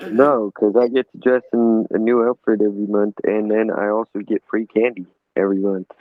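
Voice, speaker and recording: Low-voiced man on a tinny phone line. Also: level tone, a little fast, dry recording. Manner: short blunt replies. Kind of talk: casual chat.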